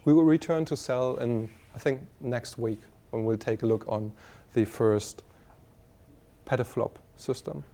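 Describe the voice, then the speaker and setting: German lecturer with a mellow voice. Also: male voice, mid-range voice, fairly even intonation. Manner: halting, many fillers and restarts, asks the class questions. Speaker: university lecturer. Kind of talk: classroom lecture.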